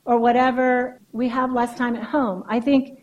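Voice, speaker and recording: A woman's voice: on the high side, level tone, moderate pace, muffled recording. A woman therapist giving a keynote speech in a conversational lecturing way, often checking in with "right?".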